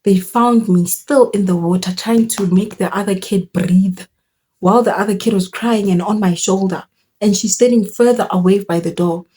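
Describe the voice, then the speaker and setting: A young woman tells a story in an animated, exclaiming way. She uses slang and mixes local words into her speech. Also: medium pitch, moderate pace, breathy edge. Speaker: vlogger telling a story. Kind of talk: storytime vlog.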